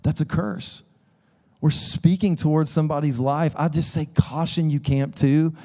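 A man's voice: a little high, steady tone, measured pace, dark tone. A man preaching a sermon in church, talking casually and joking with the congregation, acting out the voices he quotes. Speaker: pastor.

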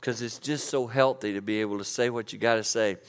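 A man's voice: fairly low pitch, steady tone, brisk, clean tone. A man in his fifties preaching an earnest, conversational sermon, acting out quotes to make his point. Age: 50s. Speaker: pastor.

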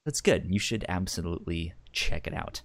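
A man's voice: sits low, animated, normal speed, creaky, crowd noise. A man hosting a podcast, chatting casually with guests and swearing now and then. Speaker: podcast host. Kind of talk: casual roundtable chat.

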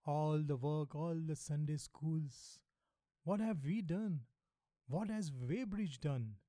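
A man's voice: a little high, takes it slowly, mellow, dry recording. A man doing a panicked, wailing curate. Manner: plaintive, complaining, wailing. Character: frightened, unhinged middle-aged male curate.

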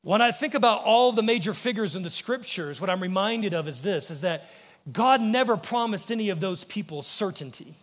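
An American man preaches from the pulpit with a fairly high voice. He speaks earnestly and lets his voice fall soft and low whenever he voices a quotation. The sanctuary gives his words a long, ringing reverb. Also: animated, moderate pace. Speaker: pastor. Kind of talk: sermon. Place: church sanctuary.

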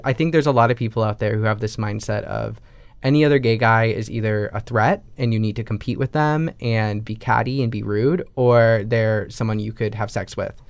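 A man's voice: mid-range voice, a little mellow, clear, resonant tone, dry recording. A young man and college student, earnestly and reflectively telling his own story for a storytelling podcast. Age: young adult. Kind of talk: storytelling interview.

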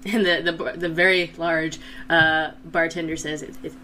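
A woman narrating as dungeon master, pausing often with fillers. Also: deep voice, flat delivery, bright, forceful tone, a little hiss or hum. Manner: halting, full of fillers. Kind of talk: narrating a tabletop game.

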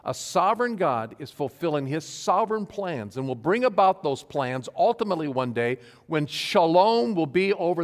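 A male pastor giving an earnest sermon to his congregation, stressing key phrases slowly. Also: fairly high pitch. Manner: earnest, emphatic preaching with slow stressed phrases. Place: church sanctuary. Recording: long hall reverb.

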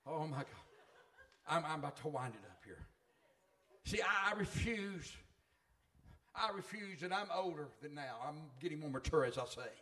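A man's voice: a little high, animated, moderate pace, pauses often, pushed and bright. A middle-aged man preaching a sermon in a fervent, folksy way.

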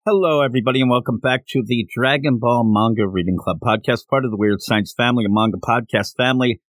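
A man's voice: mid-range voice, fast talker, no echo. A man hosting a podcast in a casual solo recap, chatty and digressive, laughing as he goes and acting out quotes. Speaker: podcast host.

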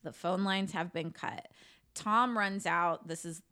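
A woman with a somewhat low voice recounts a true-crime case in a loose, conversational way. She talks like she is chatting with friends, with plenty of "like" and the odd curse word. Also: slow, sharp tone, smooth. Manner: chatty, swears, lots of "like". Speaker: podcast co-host telling a case. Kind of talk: casual true-crime storytelling.

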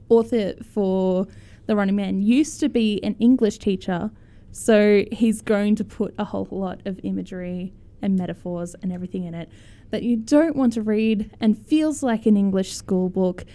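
Young woman co-host, mellow warm voice, rambly book chat. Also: medium pitch, a little slow. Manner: rambling, restarts, laughs at reviews. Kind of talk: casual chat reacting to book reviews.

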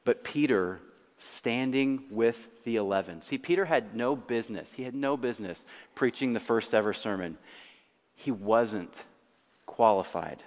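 A male pastor delivering a sermon, slowing down dramatically to stress key words. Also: medium pitch, lively intonation, a little mellow. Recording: long hall reverb.

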